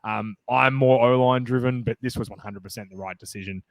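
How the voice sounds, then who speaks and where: A man co-hosting a sports podcast, chatting casually and getting excited, rambling with many fillers and restarts. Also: mid-range voice, a little fast, vocal fry, dry recording. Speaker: podcast co-host.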